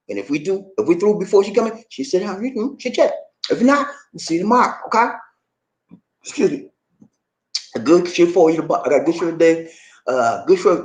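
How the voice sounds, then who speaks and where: A middle-aged man vlogging at home in casual commentary, animated, rambling and emphatic. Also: on the high side. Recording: roomy echo.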